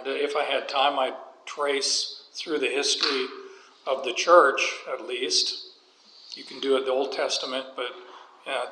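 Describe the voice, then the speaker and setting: A man's voice: mid-range voice, bright, forceful tone, slight background noise. A man preaching a sermon, walking through scripture with folksy, joking asides. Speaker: pastor. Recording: echoey hall with long reverb.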